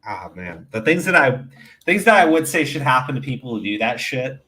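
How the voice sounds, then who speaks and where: A young man on a livestream who talks in an excitable, profane way, jumping into animated retellings. His voice is bright and forceful, with a tense edge when he gets worked up. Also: mid-range voice, a little fast. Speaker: streamer. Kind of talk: casual chat.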